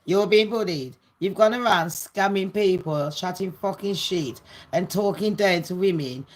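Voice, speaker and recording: A woman's voice: on the low side, unhurried. A woman vlogging gossip in a ranting, sarcastic monologue full of swearing and scorn.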